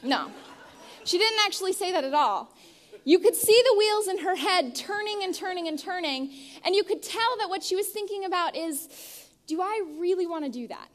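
In a church sanctuary, a young woman prays and then preaches, earnest and storytelling, often restarting her words. Her voice is very high and expressive at normal speed, with some chatter behind her and a long hall reverb.

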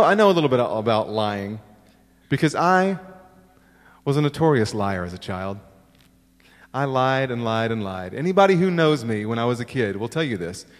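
A middle-aged man preaching in a sanctuary, his voice swinging widely and expressively as he tells stories at his own expense. He sits at an ordinary pitch, and a long reverb trails after each phrase from the large hall. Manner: storytelling, self-deprecating humor with acted-out quotes. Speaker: pastor. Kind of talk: sermon.

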